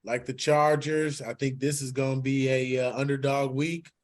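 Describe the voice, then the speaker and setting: A man's voice: medium pitch, flat delivery, moderate pace. A man co-hosting a casual sports betting chat, laid-back and brief when he makes his picks. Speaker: podcast co-host.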